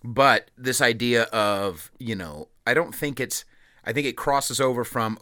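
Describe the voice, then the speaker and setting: Bright-voiced, rambling, profane podcast host. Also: male voice, medium pitch, unhurried, no echo, studio quality. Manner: profane, rambling, self-interrupting. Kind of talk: casual chat. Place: rented recording room. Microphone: studio mic with pop screen.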